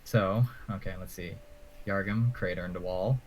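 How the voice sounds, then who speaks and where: A man's voice: sits low, steady tone, moderate pace, muffled recording, slight background noise. A man running a tabletop game as game master, playful and full of sound effects.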